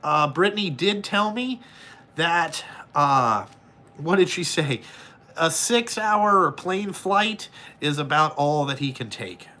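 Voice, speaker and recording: A truck driver talks slowly in a fairly high-pitched voice, chatting casually with viewers and answering their questions. He's blunt, animated and profane, swearing a lot and acting out his calls.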